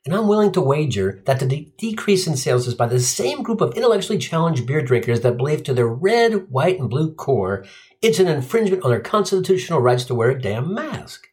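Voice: medium pitch, big pitch swings, a little fast, darkish tone. A comedian telling a profane, sardonic stand-up story. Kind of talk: stand-up routine.

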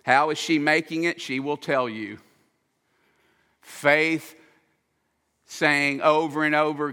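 A man's voice: a little high, steady tone, slow, long pauses, pushed and bright, clean tone, long reverb tail. A man, a pastor, preaching an earnest, emphatic sermon and acting out the quoted lines.

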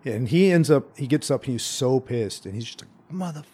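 A man's voice: medium pitch, lively intonation, fairly quick, warm tone, breathy edge. A man guest on a podcast, chatting casually and rambling through stories, saying "dude" and "like" a lot. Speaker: podcast guest, jiu-jitsu competitor. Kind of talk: casual chat.

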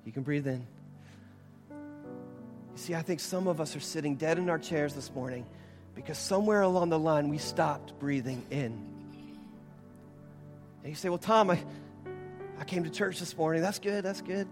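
Young male pastor, high voice, preaching in a big echoing church with soft music behind, hushed to fervent. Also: moderate pace, pauses often. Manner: builds from hushed storytelling to fervent, raised preaching. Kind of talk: sermon. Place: large church sanctuary with long reverb. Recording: reverberant church hall with faint music.

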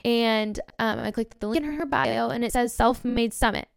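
A nineteen-year-old woman from Southern California telling a story on her own podcast, bubbly and excitable, full of "like" and "literally". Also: a little high, normal speed, creaky, slight background noise. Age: young adult, around 19. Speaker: podcast host. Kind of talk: casual storytelling monologue.

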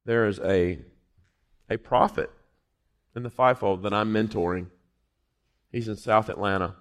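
A middle-aged man preaching a sermon, jumping from quiet, low asides to loud, high exclamations, with jokes and personal stories along the way. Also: moderate pace. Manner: joking, storytelling delivery.

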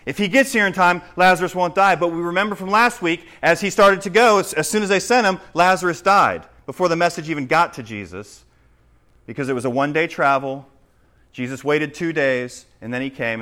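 A man preaching a sermon, swinging between loud, urgent questions and hushed explanation. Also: a little high, fairly quick. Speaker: pastor.

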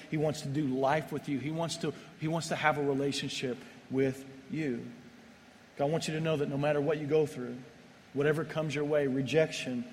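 A man's voice: on the high side, slight background noise. A man preaching a sermon as pastor, earnest and repetitive, with frequent restarts. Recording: long reverb of a large hall, faint ambience.

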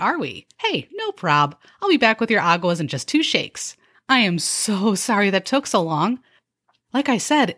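A woman playing a chirpy, sarcastic young restaurant server who mixes bubbly upselling patter with deadpan jabs. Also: medium pitch, voice pushed up. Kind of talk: comedy skit.

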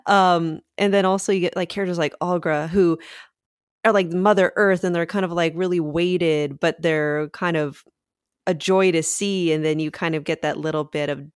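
A woman's voice: fairly low pitch, steady tone, moderate pace, smooth, no echo, clean studio sound. A woman guest in a casual film discussion, enthusiastic and rambling with many fillers. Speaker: podcast guest.

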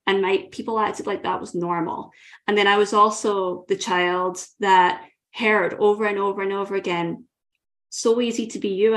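A Scottish woman in her thirties, a guest coach telling her own story in a thoughtful, earnest way. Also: medium pitch. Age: 30s. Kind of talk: reflective personal storytelling.

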